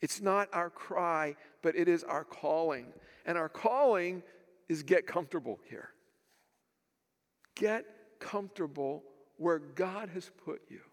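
A man's voice: a little high, takes it slowly. Man preaching in a reverberant hall. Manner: storytelling preacher, acts out quoted voices, rhetorical questions. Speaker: pastor. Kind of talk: sermon.

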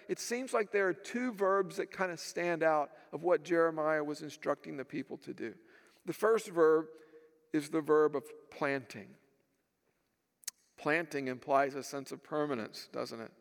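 A man preaching a sermon with a high, gravelly voice. He tells stories, acts out the voices of the people he quotes, and asks rhetorical questions. His words ring out in a hall with a long echo. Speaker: pastor.

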